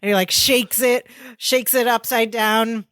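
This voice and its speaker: A woman's voice: on the high side, steady tone, a little slow, fairly bright tone, no room sound. A woman co-hosting a podcast, chatting through sitcom scenes and finishing her co-host's sentences. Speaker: podcast co-host. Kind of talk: casual recap chat.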